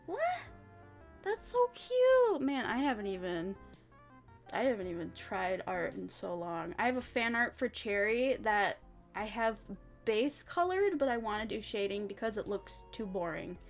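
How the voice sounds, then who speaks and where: A woman's voice: mid-range voice, expressive, moderate pace, soft background music. A young woman chatting casually on a live stream, bubbly and rambling, reading chat and giggling between thoughts. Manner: bubbly, rambling, giggly, swings loud and soft. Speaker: VTuber streamer.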